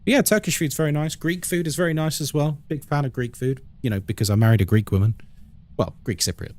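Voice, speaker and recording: A man's voice: fairly high pitch, fast talker, darkish tone. A man streaming a horror game, chatting playfully with his viewers and joking between moments of play. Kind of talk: casual chat with chat while gaming.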